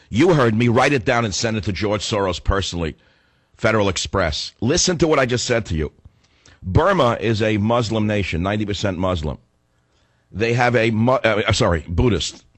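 A hoarse man hosting a radio talk show, delivering a combative, ranting monologue. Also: mid-range voice, dry recording. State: hoarse from a cold.

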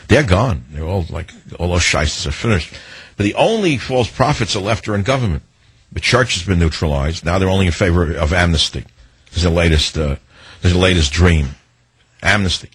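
Ranting man hosting talk radio, husky. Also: sits low, expressive, fairly quick, no echo. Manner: ranting, sarcastic, mocking. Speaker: radio talk show host.

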